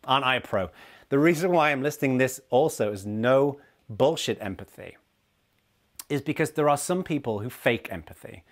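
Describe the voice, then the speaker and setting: A middle-aged man, a leadership consultant, giving a casual talking-to-camera lesson in an animated way and acting out the people he quotes. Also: medium pitch, normal speed.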